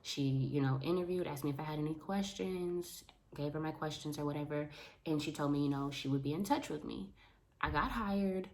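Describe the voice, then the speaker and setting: A young adult woman chatting casually to the camera in an animated way about her work as a teacher's aide. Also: sits low, a little fast. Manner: animated, talks with her hands. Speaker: vlogger, school paraprofessional. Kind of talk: casual vlog chat to camera.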